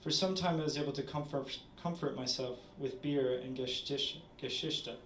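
A man reading his own short story aloud at a literary event, measured with small stumbles. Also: mid-range voice, fairly bright tone, a little hiss or hum. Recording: roomy, distant audience recording.

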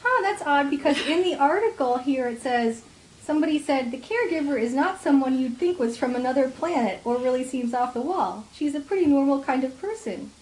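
A woman's voice: high-pitched, brisk, low-quality recording. A young woman co-hosting a podcast, chatting casually and telling stories with lots of laughter. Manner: chatty, giggly, animated storytelling. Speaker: podcast co-host. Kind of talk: casual chat.

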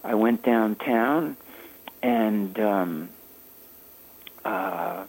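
An older man, a jazz saxophonist, telling stories in a halting, anecdotal way during an interview. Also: medium pitch, sing-song, vocal fry, breathy edge, poor audio. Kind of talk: reminiscing interview storytelling.

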